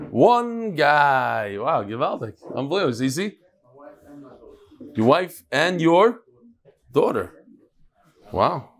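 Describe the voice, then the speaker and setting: Guy teaching a talmud class, voice sits a bit high, kidding around with the room. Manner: joking, teasing back and forth with a live class. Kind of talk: daily Talmud class with casual banter. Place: classroom with a live audience.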